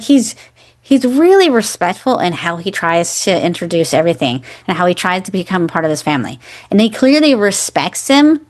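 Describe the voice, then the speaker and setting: Chatty woman in her forties. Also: lowish voice. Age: 40s. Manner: enthusiastic, acts out quoted lines. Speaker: podcast co-host. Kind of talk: casual chat.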